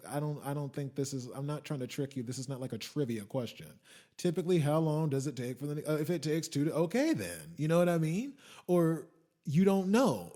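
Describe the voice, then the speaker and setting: A man hosting a podcast, telling a story as a profane rant that swings from muttering asides to shouting. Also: medium pitch. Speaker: podcast host. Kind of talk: ranting monologue.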